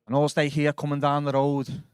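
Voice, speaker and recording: A young man with a Liverpool Scouse accent doing a stand-up set in a comedy club, chatty and sweary, telling quick stories and working the crowd. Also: fairly high pitch, completely flat delivery, clear, resonant tone. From Liverpool, England.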